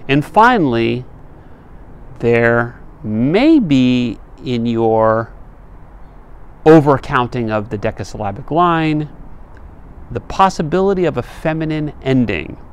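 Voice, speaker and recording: A man giving a slow, deliberate lecture on poetic meter, sounding out words syllable by syllable. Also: medium pitch, expressive, clear, resonant tone. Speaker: literature teacher.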